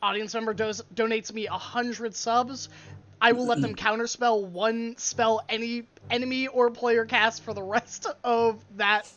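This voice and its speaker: A woman's voice: fairly high pitch, steady tone, measured pace. A woman running a tabletop game as game master, narrating the scene and teasing her players with frequent laughter. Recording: dull lo-fi stream audio.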